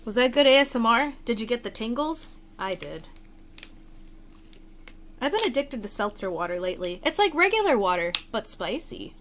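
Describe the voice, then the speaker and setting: A woman's voice: on the high side, sing-song, normal speed, a bit bright, slight background noise. A young woman streaming a video game late at night, chatting casually with a playful, self-deprecating manner.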